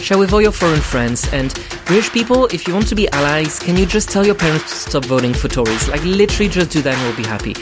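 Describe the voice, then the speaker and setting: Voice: medium pitch, animated, quick pace, hardly any pauses, music in the background. A podcast host from France, chatting casually and playfully roasting guests and listeners.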